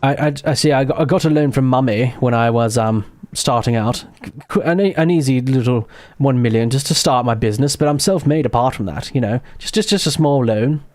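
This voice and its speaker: A man's voice: medium pitch, a little fast, darkish tone, no room sound, studio quality, lightly acted. An Australian man putting on a pompous upper-class British voice, playing a spoiled rich man boasting of a small loan from his mother. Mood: smug.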